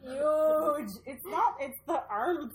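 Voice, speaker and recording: Lively woman, casual banter. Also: fairly high pitch, normal speed. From Canada. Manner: animated, swears casually, teasing. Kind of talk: casual chat.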